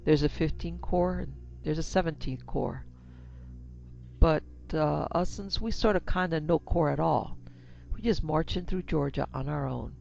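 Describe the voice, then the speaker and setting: A woman's voice: sits low, measured pace, gravelly, a little mellow, exaggerated voice. A woman reading a horror story aloud, voicing a sly, greedy male soldier with drawling rural speech. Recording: slightly dull lo-fi recording.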